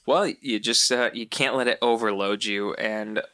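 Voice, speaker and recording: A man's voice: fairly low pitch, fairly even intonation, normal speed, sharp tone, clear, resonant tone. A man co-hosting a film podcast in casual chat, playful and reading out film details. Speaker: podcast co-host.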